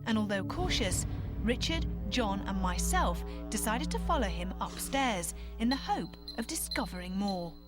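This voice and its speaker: A woman giving measured, scripted narration. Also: mid-range voice, big pitch swings, music in the background.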